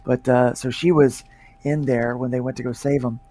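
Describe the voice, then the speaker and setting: Medium-pitched and dark in tone, this man speaks with a flat delivery at a moderate pace over a little hiss or hum. A comic creator and pastor, he's a laid-back guest on a casual livestream, rambling with plenty of fillers.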